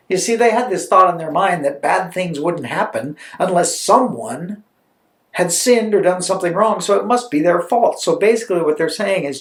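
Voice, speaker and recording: A man preaching a storytelling sermon, animated and conversational, with chatty asides. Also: sits high, normal speed. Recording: roomy echo.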